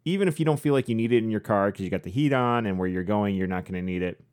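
Very fast and darkish in tone, this lowish male voice belongs to a podcast co-host. He rambles through a casual, conversational chat and laughs a lot.

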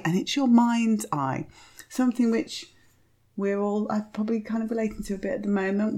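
A middle-aged woman hosting a podcast, chatting in a rambling, self-deprecating way with quiet asides. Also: lowish voice, creaky. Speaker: podcast host. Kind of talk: casual chat reviewing cards.

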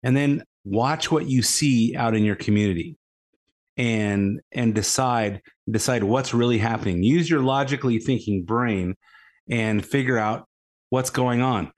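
A man's voice: medium pitch, measured pace. A man hosting a political commentary show, talking in a casual, rambling way that repeats words and leans on "uh", scornful toward his opponents. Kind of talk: casual opinion monologue.

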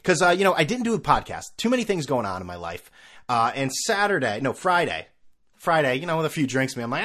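A man's voice: medium pitch, big pitch swings, quick pace, a bit bright. A middle-aged man hosting his own podcast, rambling casually with sarcastic, self-mocking asides. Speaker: podcast host. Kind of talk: casual solo podcast rant.

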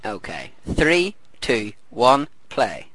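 A man's voice: medium pitch, huge pitch swings, extremely slow, pushed and bright, no room sound, poor audio. Easygoing podcast host guy, rambly, dry close sound. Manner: rambling, full of fillers and laughter. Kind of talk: casual commentary chat.

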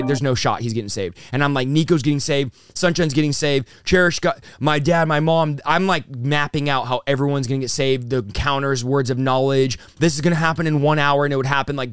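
A man's voice: mid-range voice, clean tone. A man in his thirties, a pastor, telling his story in a casual interview with lots of "dude" and "bro.". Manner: fast, excitable, says "dude" and "bro" a lot. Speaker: pastor and preacher being interviewed.

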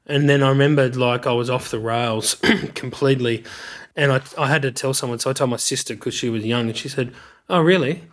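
A man's voice: medium pitch, steady tone, a little fast, fairly bright tone. A middle-aged man with an Australian accent, candidly telling his life story in an interview, reflective and searching for words.

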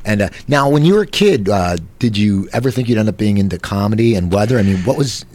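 A man's voice: on the low side, expressive, quick pace, a little mellow. A man in his late forties from New Jersey, hosting a casual talk show and telling stories in a rambling way with many restarts. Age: 40s. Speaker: host.

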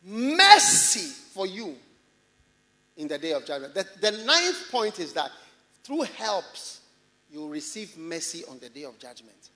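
A man with a Ghanaian English accent preaching a sermon in a church, animated and often laughing as he mimics people's excuses. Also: high voice, measured pace. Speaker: pastor. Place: large church hall.

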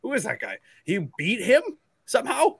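A man's voice: high voice, huge pitch swings, moderate pace, fairly bright tone, slightly rough. A man hosting a podcast, talking in a playful, rambling, teasing way. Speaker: podcast host. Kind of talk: casual banter.

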